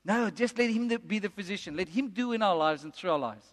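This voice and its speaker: A man preaching a sermon as pastor, emphatic and repeating lines slowly for effect. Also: high-pitched, animated. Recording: long reverb of a large hall.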